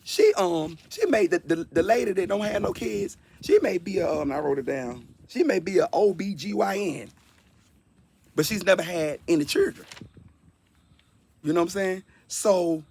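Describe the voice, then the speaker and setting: A man's voice: high-pitched, expressive, moderate pace, darkish tone. A man in his fifties giving a personal testimony in an earnest, conversational way, often repeating words for emphasis. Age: 50s. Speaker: speaker sharing a personal testimony.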